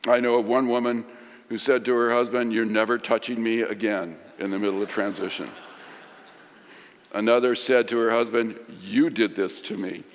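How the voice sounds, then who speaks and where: A middle-aged man preaching a sermon, swinging from loud emphasis to hushed lines. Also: fairly low pitch, steady tone, moderate pace, slight background noise. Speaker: pastor. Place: large church sanctuary. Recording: long hall reverb.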